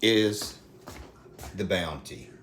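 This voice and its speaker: A man's voice: low voice, extremely slow, background noise. A middle-aged man with an Alabama accent, rambling in a folksy way as he hosts a casual live stream from his phone at home. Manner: folksy, rambling, talks to viewers by name. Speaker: livestream host.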